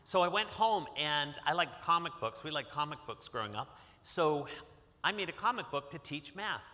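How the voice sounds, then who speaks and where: A man's voice: a little high, lively intonation, moderate pace, bright, forceful tone. A man from Massachusetts who reads a picture book aloud to children, coaxing them into call-and-response. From Massachusetts, USA. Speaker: author reading to children. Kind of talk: interactive picture-book reading. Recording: long hall reverb.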